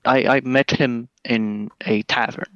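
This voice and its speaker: A man playing in a tabletop game, answering hesitantly with nervous pauses. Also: mid-range voice, fairly even intonation, fairly bright tone, dry recording. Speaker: player. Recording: dull lo-fi mic.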